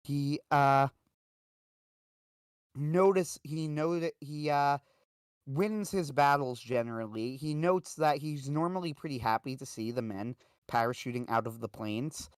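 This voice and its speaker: A man's voice: a little high, unhurried, smooth, no room sound, clean studio sound. A man hosting a livestream, telling a story in a casual, rambling way with lots of fillers. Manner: rambling, full of "uh" and "like". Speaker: livestream host.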